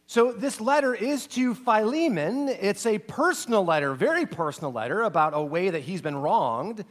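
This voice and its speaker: Middle-aged male pastor, fairly high voice, earnest storyteller, goes soft and low when moved. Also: animated, normal speed. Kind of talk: sermon with personal story.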